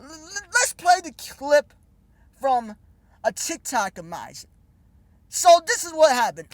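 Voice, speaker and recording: A man's voice: very high voice, no echo. A young man ranting in a sarcastic, scornful vlog commentary full of casual slang. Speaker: vlogger. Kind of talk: mocking commentary rant.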